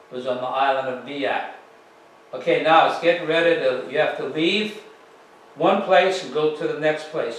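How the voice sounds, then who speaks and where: A man with a drawl talks an audience through a slide show, slow and folksy, his voice sitting a little higher than most. He is picked up from across a very echoey library room, with a faint hum of ambience behind him. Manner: unhurried, folksy storytelling with fillers. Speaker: author giving a library talk. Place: public library meeting room. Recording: roomy, distant mic with faint ambience.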